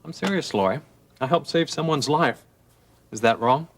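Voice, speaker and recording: An actor playing a calm, sincere surgeon talking with his wife and his boss in a radio drama. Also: fairly high pitch, moderate pace, slight background noise, close to an everyday voice. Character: calm steady male surgeon.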